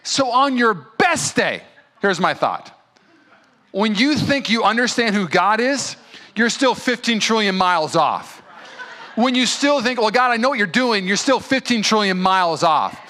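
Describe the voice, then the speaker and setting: A man's voice: high-pitched, big pitch swings, unhurried, pushed and bright. A man, a pastor, giving a sermon in a church with an emphatic, conversational preaching style that mixes in stories. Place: church in front of a congregation.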